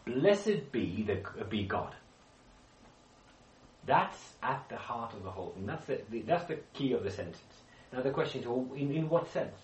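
A man's voice: mid-range voice, expressive, normal speed, a little hiss or hum. A man leading a Bible study group, explaining with questions to the group and frequent restarts. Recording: echoey room, speaker far from mic.

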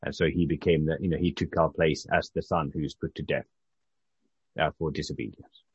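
A low, slightly husky man from Britain leads a relaxed Bible study group. He talks in a loose, halting way, often restarting his sentences. The recording is dry and a little muffled. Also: no echo. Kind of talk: informal Bible teaching.

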